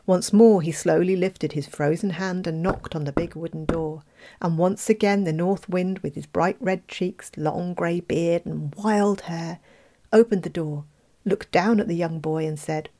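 A woman reading a fairy tale aloud, expressive, with playful asides. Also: lowish voice, measured pace. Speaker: storyteller.

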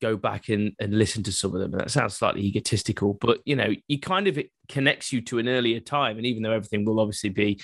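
A man in his thirties co-hosting a podcast, talking in a relaxed, reflective way with frequent hesitations. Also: on the low side, fast talker, creaky, few pauses, no echo, clean studio sound. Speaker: podcast co-host. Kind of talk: casual chat.

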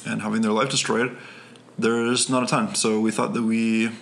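A man co-hosting a podcast in casual conversation, with a low-key, unexcited delivery. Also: little pitch movement, normal speed, vocal fry, a bit bright, a little hiss or hum. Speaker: podcast co-host.

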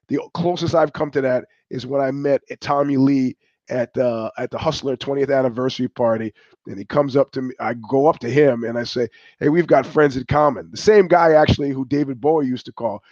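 A man's voice: medium pitch, darkish tone, no room sound. An older man hosting a livestream, talking in a rambling, profane, digressive way. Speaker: host. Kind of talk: casual livestream monologue. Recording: dull, dry lo-fi stream audio.

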